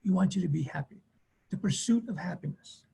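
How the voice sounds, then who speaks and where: Gravelly, husky-voiced man teaching earnestly. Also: high-pitched, animated, a little fast, mellow. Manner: earnest, repetitive, acts out quoted voices. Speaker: family therapist and webinar presenter. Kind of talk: teaching talk with personal stories.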